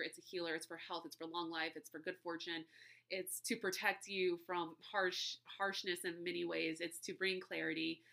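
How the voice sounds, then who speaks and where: A woman hosts a casual solo podcast, chatting warmly and at length to her listeners and laughing often as she goes. Her voice sits on the low side for a woman, yet comes across as strikingly bright and forceful. She slips in friendly slang like y'all as she talks. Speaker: podcast host.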